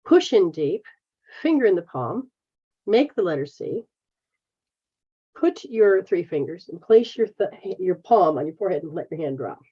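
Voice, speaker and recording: An American woman from the United States hosts a live stream as a spiritual healer, answering viewers bluntly and casually and swearing freely. Her fairly low voice is slightly rough, with big pitch swings at normal speed, and the stream audio is dull and lo-fi.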